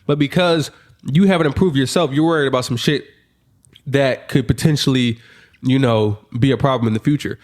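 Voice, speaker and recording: A man's voice: mid-range voice, a little fast. A young man co-hosting a podcast in casual chat, often hesitating and restarting as he works out his point. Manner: hesitant, repeats and restarts when explaining. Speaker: podcast co-host.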